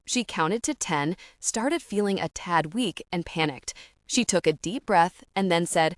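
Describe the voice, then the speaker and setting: Low-voiced woman reading an audiobook. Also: lively intonation, unhurried, no echo, studio quality. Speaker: audiobook narrator. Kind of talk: scripted narration.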